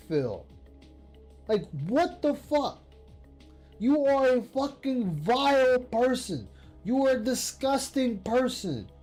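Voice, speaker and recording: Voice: mid-range voice, darkish tone. Profane, scornful commentary ranter. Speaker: commentary streamer. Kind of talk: angry reaction rant.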